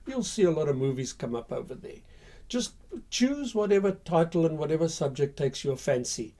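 Mellow-voiced man telling history. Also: on the high side, expressive, moderate pace. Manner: conversational with frequent fillers. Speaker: history channel host. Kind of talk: casual storytelling history talk.

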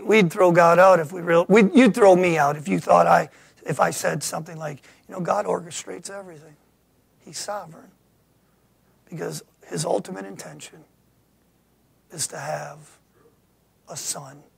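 A man preaching a sermon as pastor of a church, swinging from loud preaching to hushed whispers. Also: sits high, steady tone, a little slow, gravelly, long pauses, slightly rough. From United States. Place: church sanctuary.

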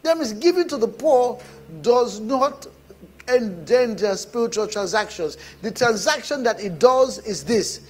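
A man preaching a sermon, animated and bursting into shouts. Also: very high-pitched, measured pace. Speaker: pastor.

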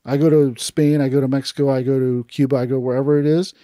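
An aikido teacher tells stories in a casual podcast conversation, getting animated as he acts out the people he quotes. He talks fast in a mid-range voice, recorded clean in a studio with no echo.

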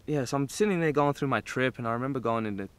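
A man's voice: medium pitch, very fast, smooth. A man telling a long personal story in a casual, rambling way, full of "like"s and laughter. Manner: animated, rambling, many "like"s and laughs. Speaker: vlogger telling a trip story.

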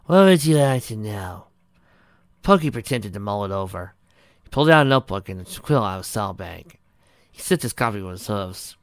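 Man, story narrator, smooth clear voice, even reading, dry close mic. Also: on the low side, quick pace, no room sound. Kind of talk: reading fan fiction aloud.

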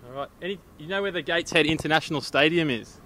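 A man's voice: a little high, racing, sharp tone, slight background noise, rough recording. An Australian man presenting a comedy segment, cheerfully quizzing passers-by in mock-earnest roving reporter style. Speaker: comedy presenter doing street interviews. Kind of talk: jokey roving vox-pop reporting. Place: outdoors on town streets.

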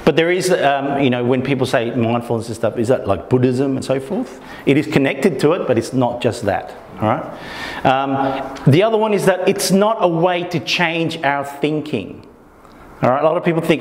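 A man talks informally to a small meetup group and acts out the thoughts in people's heads. His voice is mid-pitched. The room gives it a long, echoing reverb. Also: animated, normal speed, a little mellow. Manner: keeps checking in with the audience, acts out inner thoughts. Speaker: workshop presenter.

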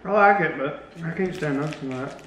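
A man's voice: fairly high pitch, brisk, a bit bright. A man with a Southern American accent co-hosting a casual snack-tasting vlog in a laid-back, joking way. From Southern United States. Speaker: co-host. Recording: roomy echo, distant mic, room noise.

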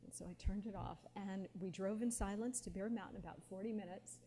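A woman in her forties telling personal stories to an audience, lively and anecdotal, often quoting others with feeling. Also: medium pitch, a little fast. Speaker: guest speaker. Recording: long hall reverb, faint background noise.

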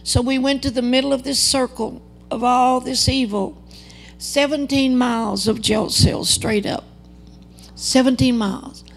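Older woman preaching, gravelly voice. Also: high-pitched, fairly even intonation, measured pace. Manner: earnest, dramatic storytelling with quoted dialogue. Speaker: guest preacher. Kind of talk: testimony sermon. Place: church service.

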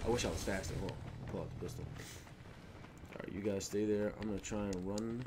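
A young man rambling through a gameplay commentary, animated and slangy, laughing as he tells stories and sounding a bit sniffly. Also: on the low side, fast talker, noisy background. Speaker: gaming video host. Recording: gunfire and clicks under voice. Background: in-game gunfire.

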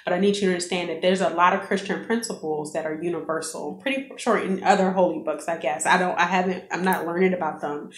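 A woman's voice: on the low side, fairly even intonation, quick pace, few pauses. Earnest woman vlogger in an echoey room. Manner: earnest, preachy, addresses viewers as guys. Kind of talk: casual faith testimony.

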